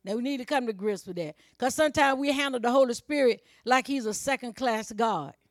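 Woman preacher, high voice, fired up, tossing out little exclamations, dry close sound. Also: brisk, dry recording. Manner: fervent, calls out exclamations between points; colloquial, speaks directly to the congregation. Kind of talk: sermon.

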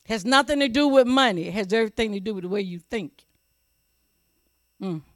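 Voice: medium pitch, expressive, brisk, no room sound, studio quality. A preacher delivering a sermon with emphasis, repeating key phrases and asking the audience whether they are paying attention. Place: church service also streamed online.

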